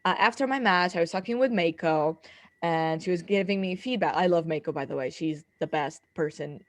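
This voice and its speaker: A young woman guest on a podcast, telling stories with giggly excitement. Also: lowish voice, fairly quick, no room sound. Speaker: guest wrestler. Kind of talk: casual interview chat.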